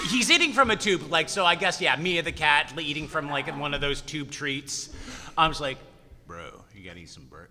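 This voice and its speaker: Casual rambling voice actor on a panel. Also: male voice, a little high, moderate pace, sharp tone. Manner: rambling, casual, laughing asides. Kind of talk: convention panel talk. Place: convention panel room. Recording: reverberant hall.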